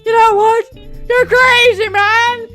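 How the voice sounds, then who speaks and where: Manic game-text vagrant, male, yells everything, high and loud, a woman acting him out. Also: slow, loud music behind the voice. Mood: frantic. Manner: shouting, ends words like excited questions. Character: excitable paranoid scruffy male street cyclist.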